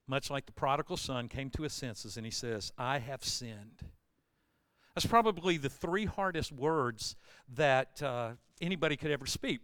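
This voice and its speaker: In this sermon, a male pastor recounts a scripture story in everyday terms, working up to loud, forceful bursts. His pitch is fairly high and his tone clean, with no room sound.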